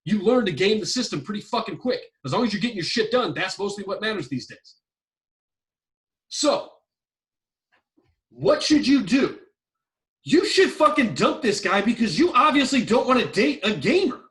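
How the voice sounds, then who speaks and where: A man's voice: high-pitched, very animated, normal speed, pauses often, fairly bright tone, recorded from a distance. A man hosting a relationship advice podcast, ranting bluntly and swearing constantly as he repeats his points. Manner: profane, emphatic, repetitive ranting. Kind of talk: blunt advice-show rant.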